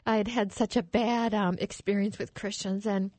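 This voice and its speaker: A woman speaking as a guest on a radio interview, telling her personal story earnestly and with emotion. She often trails off and restarts her sentences. Her voice sits at a middle pitch, recorded dry and close. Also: steady tone, moderate pace, darkish tone, dry recording.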